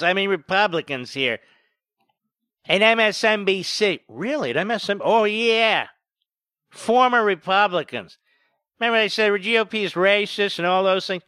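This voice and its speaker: A man hosts a talk radio show, mocking and sarcastic, swinging from loud jabs to muttered asides. His voice is bright and slightly high. It is recorded close and dry in a studio. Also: smooth, no echo.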